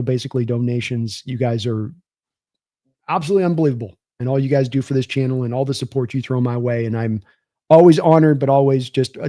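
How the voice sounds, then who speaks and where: A man's voice: mid-range voice, warm tone, no echo, clean studio sound. A young man hosting a live football stream, rambling casually, reading viewer comments aloud and thanking them by name. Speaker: sports livestream host.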